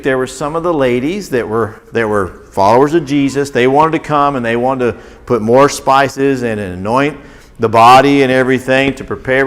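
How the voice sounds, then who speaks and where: A man telling a Bible story to children as their teacher, stopping often to ask the kids questions. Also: medium pitch. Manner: animated, asks children questions.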